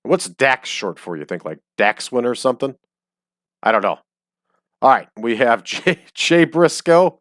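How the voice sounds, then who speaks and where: With a mid-range, expressive, slightly bright voice, a hiccuping game streamer offers joking let's-play commentary at a moderate pace, pausing at length and saying "um" a lot. A desk microphone gives studio-quality sound with no room echo.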